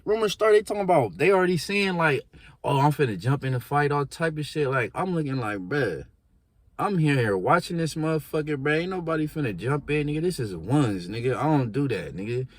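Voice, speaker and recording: A young man tells a story casually in heavy slang, animatedly acting out the voices and quotes of the people in it. His voice is slightly high and a little fast, with no room sound.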